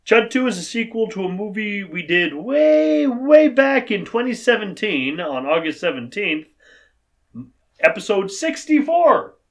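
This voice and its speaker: A man with a slightly high voice talks through a movie review with wry, sarcastic asides. His tone stays relaxed and conversational. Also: a little slow. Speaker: podcast co-host. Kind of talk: casual movie review chat.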